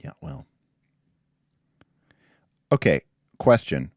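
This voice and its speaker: A man hosting a casual livestream chat, his voice very low but swinging widely in pitch. He rambles and jokes at his own expense in a close, dry sound. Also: sing-song, drawn-out words, gravelly, a little mellow, no room sound. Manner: rambling, self-deprecating, jokey. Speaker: livestream host.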